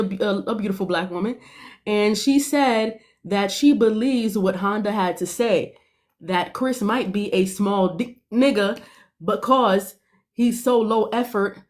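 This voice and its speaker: A young woman giving animated, sassy commentary on a reality show, laughing often. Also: medium pitch. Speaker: podcast panelist.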